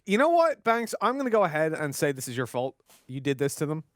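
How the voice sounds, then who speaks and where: A man with an Irish accent giving animated, joking color commentary on an esports match. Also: on the high side, fast talker, dry recording, clean studio sound. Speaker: esports caster.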